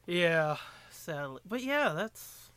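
A man co-hosting a podcast in casual chat, telling stories in an animated, profane way. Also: a little high, takes it slowly, clean tone, no room sound. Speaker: podcast co-host.

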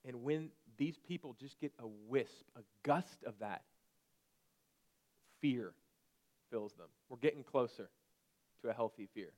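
A man in his thirties preaching a conversational sermon and at times breaking into sharp shouted commands. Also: medium pitch, a little slow, pauses often. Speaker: pastor.

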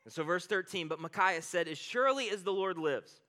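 A man preaching a sermon in an energetic, conversational way, retelling scripture in his own words. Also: high-pitched, brisk. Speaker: pastor.

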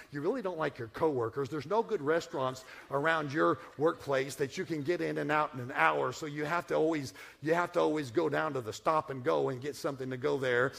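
Middle-aged male pastor, slightly high gravelly voice, humorous folksy sermon delivery. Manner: folksy, humorous, swings from hushed to loud.

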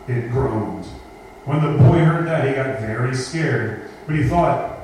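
A man's voice: medium pitch, unhurried. A man hosting a spoken word event, reading a scary story aloud and groaning the monster's lines. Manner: dramatic groaning voices for the monster. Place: live event space. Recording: echoey room from far off with noise.

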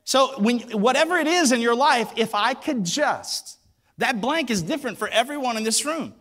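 A man's voice: very high voice, animated, moderate pace, fairly bright tone. A man preaching a sermon, retelling a story with acted voices and emphatic repetition. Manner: emphatic, repeats words for weight. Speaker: pastor.

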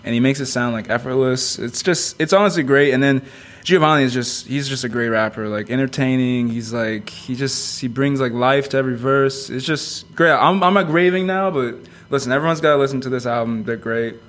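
A man's voice: mid-range voice, fairly quick, a bit bright. A young man co-hosting a casual music review chat, enthusiastic and full of "like" and other fillers. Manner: enthusiastic, filler-heavy, lots of "like". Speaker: co-host.

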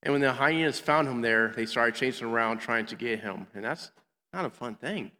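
This children's minister has a mid-range voice with a sharp tone and speaks at normal speed. Heard through a long hall reverb, he leads a playful Bible lesson for children, performing the characters in small voices.

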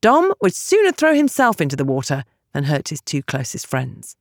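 A woman narrating a novel as an audiobook, with expressive storytelling. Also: deep voice, moderate pace, no echo, studio quality.

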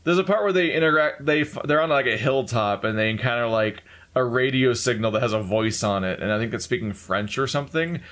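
A man's voice: medium pitch, a little fast, fairly bright tone. A young man chatting casually, teasing his friend, laughing often and telling stories with lots of animation. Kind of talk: casual chat.

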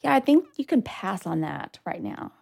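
A woman's voice: medium pitch, very animated, normal speed, vocal fry, warm tone, breathy edge. A woman co-hosting a podcast in casual chat, joking and bantering playfully into a studio microphone. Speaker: podcast co-host.

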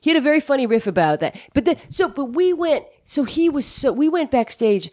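A woman co-hosting a podcast, telling a story in an animated casual chat that is full of swearing. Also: high voice, a little fast, no room sound. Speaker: podcast co-host.

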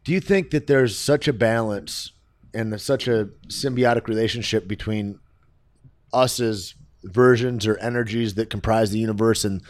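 A man's voice: fairly low pitch, moderate pace, dry recording. A man as a podcast guest in casual conversation, telling stories and acting out the people in them. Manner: animated storyteller, acts out quoted people.

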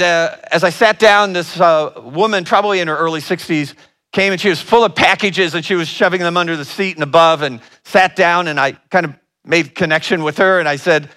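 A man from Northern Ohio, a relationship educator, giving a talk and telling an animated story with asides to the audience. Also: fairly high pitch.

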